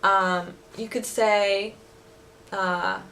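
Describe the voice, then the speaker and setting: A woman's voice: medium pitch, steady tone, extremely slow, a bit bright, a little hiss or hum. A young woman teaching words in a casual lesson, chatty, laughing often and using many fillers. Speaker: language teacher vlogger. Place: living in Osaka.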